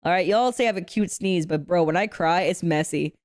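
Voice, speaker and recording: A woman's voice: fairly low pitch, fairly quick, dry recording. A young woman streamer chatting casually with her viewers, giggly, playful and cheerfully profane, on a close desk mic. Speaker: streamer reacting to a video. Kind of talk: casual reaction chat.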